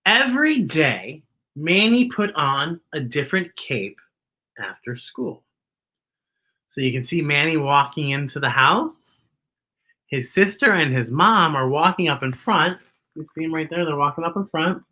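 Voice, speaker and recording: A woman hosting a children's story time, reading a picture book aloud and talking playfully and directly to young listeners. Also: fairly low pitch. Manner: playful, animated, talks straight to kids.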